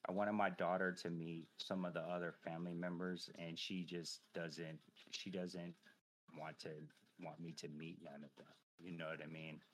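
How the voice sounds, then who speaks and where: Speaking in a deep voice, a thirty-something man who's a veteran podcast guest tells a story from his life. The talk is casual, lively, profane, and crowded with fillers.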